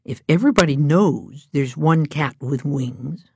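A woman voicing a young female winged cat in a storybook reading, soft and plaintive. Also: sits low, animated, a little slow, gravelly, slightly rough, no echo, full character voice. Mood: troubled.

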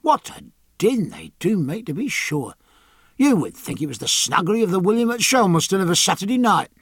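A man's voice: high-pitched, sing-song, brisk, a bit bright, husky, no room sound, studio quality, pitched above the performer's own voice, heavily acted. A man reading an audiobook, voicing a folksy sailor grumbling about the noise below. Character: rough old sailor grumbling on deck. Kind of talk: audiobook character voice.

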